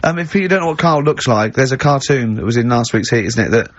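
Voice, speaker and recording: A man hosting a radio show, chatting in casual banter and often breaking into high giggles. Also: expressive, fast talker, no echo. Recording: dull, slightly lo-fi studio audio.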